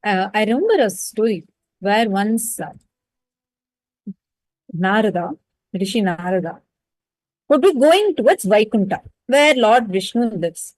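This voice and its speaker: A woman telling a devotional story as a spiritual teacher, animated and addressing listeners directly. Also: mid-range voice, measured pace, pauses often, dry recording, poor audio.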